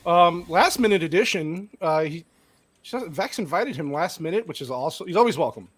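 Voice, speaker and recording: A man's voice: fairly high pitch, animated, moderate pace, a little hiss or hum. A man hosting a casual group movie review podcast, joking, sarcastic and laughing often. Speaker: podcast host.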